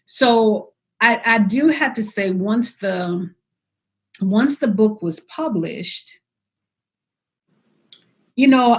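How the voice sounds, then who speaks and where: A woman poet as an interview guest, talking reflectively and telling stories about her writing, acting out her inner voice as she goes. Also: mid-range voice. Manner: storytelling, acts out her inner voice in quotes.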